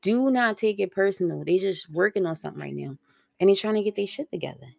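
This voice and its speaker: A woman's voice: mid-range voice, expressive, fast talker, vocal fry, no room sound, clean studio sound. A young woman hosting her own podcast solo, talking in a casual, slangy, rambling way and swearing freely. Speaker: podcast host.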